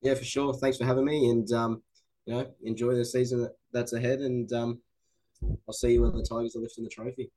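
A man's voice: medium pitch, little pitch movement, fairly quick, mellow, poor audio. An Australian man as a guest in a casual sports chat, laid-back and agreeable. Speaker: podcast guest.

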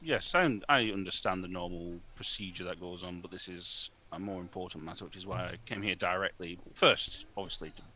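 A man's voice: low-pitched, fairly quick, few pauses, sharp tone, low-quality recording. A man playing a pompous, self-important preacher who speaks formally. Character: pompous male preacher of a church.

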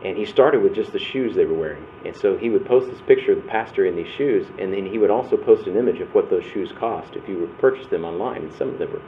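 A man's voice: sits low, animated, fast, hardly any pauses. A man giving a conversational talk at a church workshop, telling personal stories and acting out the quotes. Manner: conversational, restarts and acts out quotes. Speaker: breakout session speaker. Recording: tinny phone-like sound with faint noise.

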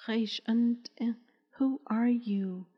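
A woman's voice: on the high side, very slow, slightly rough, heavily acted. A woman voicing an old warrior father who speaks to his lost son in a tender, breaking whisper. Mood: startled. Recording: dull, echoey recording.

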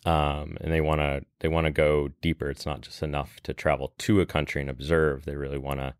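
A man talking as a guest on a podcast, relaxed and loose, filling pauses with "you know" and "um". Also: extremely low pitch, smooth, dry recording, clean studio sound. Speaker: guest, travel industry veteran. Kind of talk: casual podcast chat.

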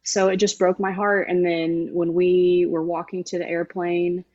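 A woman's voice: fairly low pitch, flat delivery, a little slow, a little mellow, lo-fi sound. A woman guest in an interview, telling an emotional story with emphatic, heartfelt delivery. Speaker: guest, former sideline reporter. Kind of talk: conversational interview.

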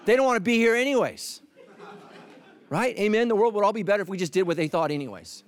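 A man preaching a sermon as the pastor, talking in a lively, punchy way with playful asides. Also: sits high, fast.

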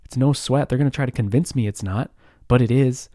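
Thirties male host, easygoing anecdotal chatter, mid-pitched, dry booth sound. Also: a little fast, mellow, no room sound. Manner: rambling, laughs often, filler-heavy. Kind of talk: casual storytelling chat.

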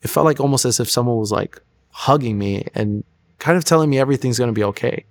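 A man's voice: medium pitch, fast, no echo. Earnest young man sharing his testimony. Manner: earnest and reflective, with frequent restarts and "like" fillers. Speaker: testimony guest. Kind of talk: personal testimony interview.

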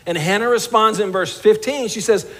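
High-voiced man preaching a sermon. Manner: animated, conversational preaching with humor, slowing and dropping soft for emphasis. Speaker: pastor.

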